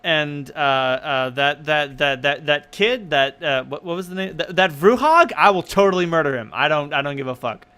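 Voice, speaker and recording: A man's voice: on the high side, expressive, moderate pace, hardly any pauses, bright, forceful tone, smooth. A man voicing a blunt, bloodthirsty female gun who rambles and talks gleefully about violence.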